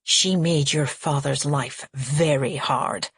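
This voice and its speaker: A woman's voice: lowish voice, lively intonation, moderate pace, husky, dry recording, clean studio sound. A woman doing a bitter, sneering aunt. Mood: disapproving. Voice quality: sneering, contemptuous. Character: disapproving older aunt, bitter and scornful.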